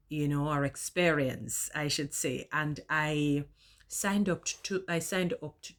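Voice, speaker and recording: A woman talking casually in a vlog, choosing elaborate words and savouring how she says them. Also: sits low.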